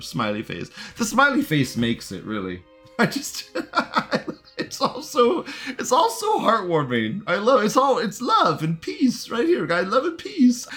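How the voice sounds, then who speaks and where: A man's voice: a little high, huge pitch swings, unhurried, fairly bright tone, breathy edge, faint music behind. A man hosting a live show, rambling in casual commentary, laughing often and repeating himself. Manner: reads out chat messages in a mocking tone.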